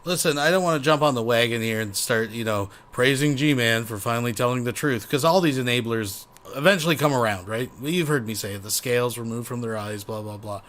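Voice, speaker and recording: A man's voice: medium pitch, a little fast, hardly any pauses, a bit bright. A man hosting a casual reaction commentary show, rambling and sarcastic with plenty of swearing. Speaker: commentary host.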